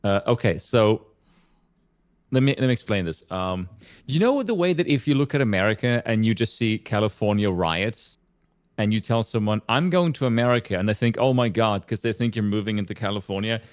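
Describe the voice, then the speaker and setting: This is a man from South Africa chatting as a guest on a live stream. His voice is low and sits close and dry on the microphone. He tells his story in a wry, dry way. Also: a little fast, no room sound. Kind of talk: casual live-stream chat.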